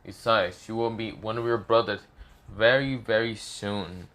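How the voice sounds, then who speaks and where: A man doing a deep demon king father. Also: fairly even intonation, a bit bright. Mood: dismissive. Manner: halting, rambling, many restarts.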